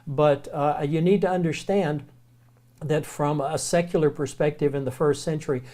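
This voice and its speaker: A man with a slightly high voice and a Southern American accent delivers a relaxed, folksy recorded lecture on the Greek alphabet. When spelling out words, he slows down.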